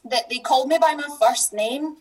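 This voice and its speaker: A woman's voice: sits high, moderate pace, breathy edge, rough recording. A middle-aged woman from Scotland with a Scottish accent, a teacher talking casually as a podcast guest, chatty with frequent restarts and laughs.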